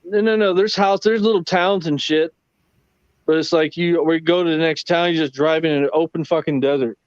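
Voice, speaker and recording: A man with a slightly raised pitch, telling stories on a late-night livestream in an easygoing, profane way. The sound is dull and muffled, and it is recorded dry and close to the mic. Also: steady tone, normal speed, clean tone, no room sound. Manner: laid-back, profane storytelling.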